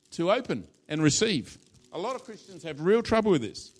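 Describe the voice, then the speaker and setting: A male pastor delivers an informal, playful sermon in a church, acting out little scenes as part of a live demonstration. His voice is high-pitched, husky and sing-song, and he speaks briskly.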